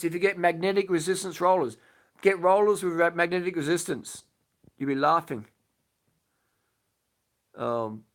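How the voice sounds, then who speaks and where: A man's voice: high-pitched, fairly bright tone. A man answering viewers' questions on a casual late-night live stream from his bed, speaking bluntly, swearing freely and repeating his points. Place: lying in bed at home.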